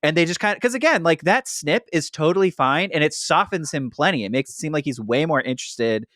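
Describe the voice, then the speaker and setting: A man's voice: on the high side, brisk, no room sound, clean studio sound. A man hosting a podcast, chatting casually about a movie and swearing freely. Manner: animated, swears freely, acts out scenes. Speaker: podcast host. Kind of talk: casual movie review chat.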